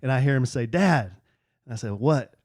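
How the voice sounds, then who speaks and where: A man's voice: mid-range voice, flat delivery, racing, dry recording, studio quality. A man co-hosting a podcast, telling family stories in a rambling, easygoing way with frequent restarts. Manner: rambling, warm anecdotes with repeated restarts. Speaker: podcast co-host. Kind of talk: casual chat, storytelling.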